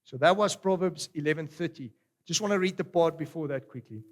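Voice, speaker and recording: Animated man preaching. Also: fairly high pitch, brisk. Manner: animated preaching, rising to exclamations and dropping to soft storytelling. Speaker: pastor. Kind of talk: sermon.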